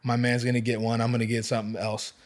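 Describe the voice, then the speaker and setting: A man's voice: medium pitch, monotone, quick pace. A man in his thirties hosting a casual chat, telling stories in a laid-back, slangy, profane way. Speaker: podcast host.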